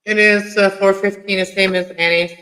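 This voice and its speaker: A woman chatting casually on a late-night online call, relaxed and easygoing. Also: mid-range voice, moderate pace, low-quality recording. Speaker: guest.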